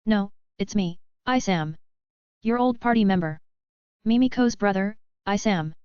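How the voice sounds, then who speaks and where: A woman's voice: medium pitch, unhurried, a little mellow, clean tone, dry recording, close to an everyday voice. Woman playing an earnest male wolf beastkin. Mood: pleading. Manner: pleading, insistent. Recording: dry, slightly dull lo-fi.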